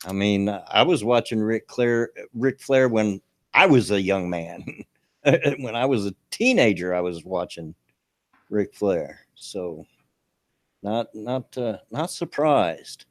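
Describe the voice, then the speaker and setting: Folksy older man, low voice. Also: animated, slow. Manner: folksy, rambling with fillers. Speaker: co-host. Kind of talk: casual chat.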